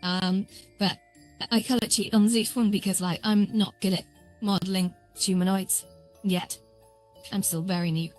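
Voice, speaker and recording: A woman's voice: mid-range voice, steady tone, normal speed, faint music behind. Rambling woman live-streaming while she codes. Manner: rambling and self-deprecating, lots of filler words. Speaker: streamer building a VR world. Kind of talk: casual live-stream commentary while coding.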